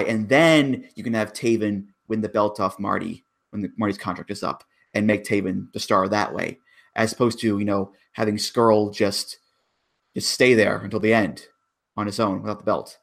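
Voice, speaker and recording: A man's voice: fairly low pitch, a bit bright. A man co-hosting a casual wrestling chat, making emphatic arguments about storylines. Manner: emphatic, breaks down booking logic.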